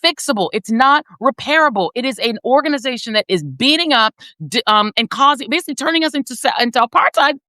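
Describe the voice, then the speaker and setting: Woman, 50s, panel commentator: emphatic and sarcastic, high-ish voice. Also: expressive, fast, sharp tone, no echo, studio quality. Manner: emphatic, sardonic, swings between high and low. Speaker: panel guest. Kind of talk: impassioned political commentary.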